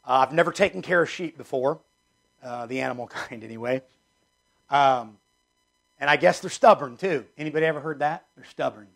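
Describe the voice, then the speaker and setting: Gravelly-voiced emphatic male pastor preaching. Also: medium pitch, brisk. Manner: emphatic, repeats key phrases, swings from loud to hushed. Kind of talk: sermon.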